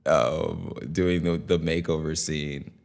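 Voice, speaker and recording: A man co-hosting a podcast, chatting excitably, laughing often and swearing casually. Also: very deep voice, slow pace, vocal fry, heavy background noise. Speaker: podcast co-host. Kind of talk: casual chat.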